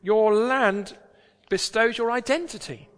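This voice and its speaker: A man's voice: extremely high pitch, takes it slowly, long reverb tail. A British man preaching a sermon in a church, talking in a conversational, emphatic way with rhetorical questions.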